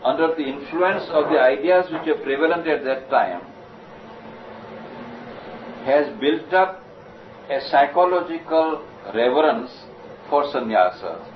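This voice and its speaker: Guy giving a scripture lecture, slow and explaining, dull lo-fi tape with hiss. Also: fairly high pitch, expressive. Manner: measured, explanatory, recites Sanskrit verses slowly. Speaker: spiritual lecturer. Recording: distant, roomy, dull lo-fi recording with noise.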